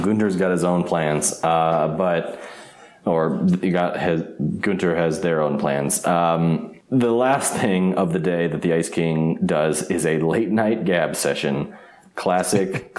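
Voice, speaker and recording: A man with a very low, deep voice talks through an episode recap in a loose, rambling way, often laughing and restarting his sentences. The sound is roomy and echoey. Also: slow pace, darkish tone. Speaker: podcast co-host. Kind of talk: casual episode recap chat.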